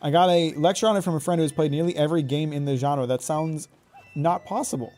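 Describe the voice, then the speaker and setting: A man's voice: fairly high pitch, fast talker, darkish tone, soft background music. A man with a Midwestern American accent, chatting casually and rambling while streaming a game, swearing freely. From Oregon, raised in Michigan. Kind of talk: live gameplay commentary chatting with viewers.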